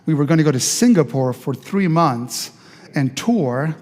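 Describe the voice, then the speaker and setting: An older pastor tells his personal testimony with animated storytelling, stumbling over restarts and acting out the voices he quotes. His voice sits fairly high for a man. It rings with the long reverb of a church hall. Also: a little slow.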